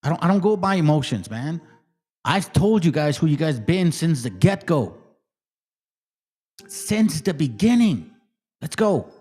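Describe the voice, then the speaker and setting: A man's voice: fairly high pitch, big pitch swings, a little slow, pauses often, mellow, breathy edge. A man hosting his channel, quoting scripture in a heated, profane and confrontational rant. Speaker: channel host. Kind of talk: heated biblical commentary rant.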